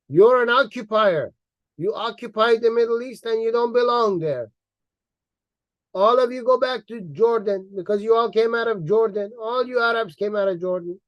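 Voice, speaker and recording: A man's voice: extremely high pitch, no room sound, dull audio. A man delivering a heated, mocking monologue as an online commentator, repeating words for emphasis. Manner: angry, mocking, insulting.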